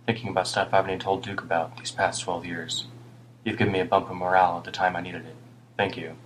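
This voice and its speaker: A worn-down older homeless man with a British accent, voiced by a male audiobook reader. He rambles ruefully and heaps blame on himself in a low, deep voice, sometimes muttering. A faint hum lingers behind him. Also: level tone, fast talker, a bit bright, rough recording.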